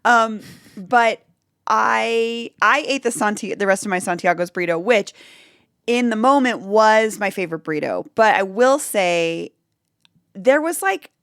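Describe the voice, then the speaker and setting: A woman's voice: mid-range voice, unhurried, fairly bright tone, no echo. American woman co-host, chatty storyteller, dry close studio sound. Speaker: regular podcast host. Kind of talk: casual chat.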